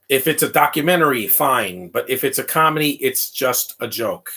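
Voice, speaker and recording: A man giving a casual live commentary over a comedy film, rambling through asides, laughing often and reacting loudly to what is on screen. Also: animated, normal speed, vocal fry, few pauses, slightly rough. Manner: reacts loudly to the film, quoting lines in a high voice.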